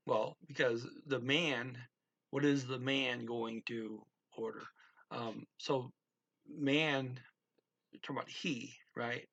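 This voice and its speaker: A man teaching grammar in a patient way, repeating words and pausing with fillers as he explains. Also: medium pitch, vocal fry, fairly bright tone, breathy edge, highs cut off. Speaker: language teacher.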